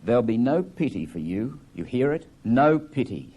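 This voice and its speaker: A man reading aloud as an angry grown son confronting his father, raised and forceful. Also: mid-range voice, big pitch swings, normal speed, highs cut off.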